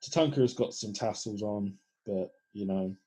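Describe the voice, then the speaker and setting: A podcast co-host with a somewhat low voice that has a husky edge. He talks in a relaxed, casual way, recapping events with plenty of pauses and fillers. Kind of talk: casual chat.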